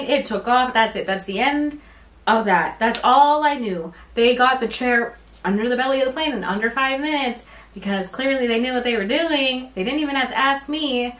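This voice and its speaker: A woman's voice: on the high side, fairly bright tone. A young woman vlogger telling a rant-style story time, rambling and exasperated as she recounts what happened. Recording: roomy sound from a bit off mic.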